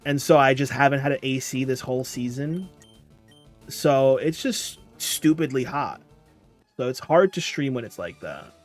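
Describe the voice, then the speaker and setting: Speaking at medium pitch and a moderate pace, a weary young streamer reads his chat aloud and rambles on in an animated, casual way, with faint music behind him.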